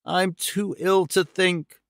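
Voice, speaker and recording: A man voicing a male detective pretending to be dying, speaking faintly and slowly with gasps. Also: sits high, level tone, vocal fry, fairly bright tone, no echo, clean studio sound, pitched above the performer's own voice, full character voice. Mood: feeble. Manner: faint, gasping, slow.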